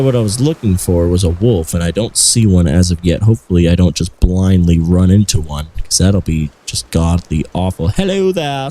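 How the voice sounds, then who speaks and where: A man's voice: deep voice, a little mellow, slight background noise. A young man casually commenting on his own gameplay, thinking aloud as he explores and loots. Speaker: gaming channel host. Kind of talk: let's play commentary.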